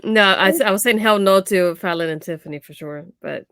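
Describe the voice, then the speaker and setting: A woman co-hosting a casual wrestling chat show, retelling moments in an animated, giggly way. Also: medium pitch, a little fast, smooth, dry recording, studio quality. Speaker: wrestling podcast co-host.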